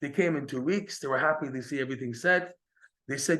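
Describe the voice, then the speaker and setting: A man teaching a Torah class, telling a story in a lively way and acting out the quoted dialogue. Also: fast talker. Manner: animated, acts out quoted dialogue with raised pitch. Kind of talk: storytelling lecture.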